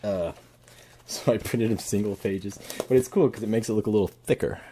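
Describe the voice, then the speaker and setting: A man's voice: fairly low pitch, a little fast, mellow, slight background noise. A man giving crude, swearing reaction commentary on a video and laughing at his own jokes.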